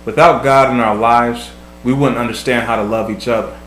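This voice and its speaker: A man's voice: medium pitch, fairly even intonation, moderate pace, fairly bright tone. A man in his thirties, earnest and reflective, giving marriage advice in casual talk, often repeating words as he thinks. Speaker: vlog host, husband. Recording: echoey room, faint hum.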